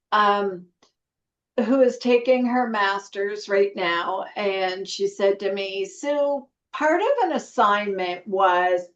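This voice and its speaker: A middle-aged woman from Canada speaks slowly and earnestly as a guest nurse educator, pausing often with fillers. Her voice comes over a video call that sounds dull and lo-fi, in an echoey room. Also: mid-range voice. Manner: earnest, reflective, with many fillers. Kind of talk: conversational storytelling interview.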